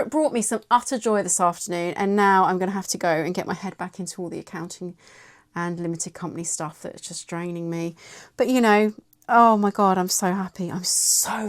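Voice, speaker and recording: A middle-aged woman with an English accent, chatting excitably in a casual vlog. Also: lowish voice, moderate pace. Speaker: vlogger.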